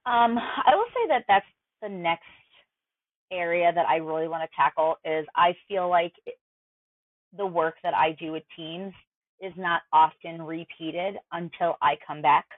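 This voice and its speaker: A lower-pitched woman coach talks things through in a chatty, filler-heavy way. Her voice comes over a thin, phone-like line with no room sound. She explains as a podcast guest. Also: a little slow, no echo. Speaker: mental performance coach. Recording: dry tinny phone-like line.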